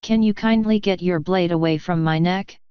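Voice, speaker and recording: A man's voice: sits high, normal speed, smooth, dry recording, natural voice. A woman reading a sardonic grumbling man. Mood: exasperated. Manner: dry, exasperated. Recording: dull lo-fi recording.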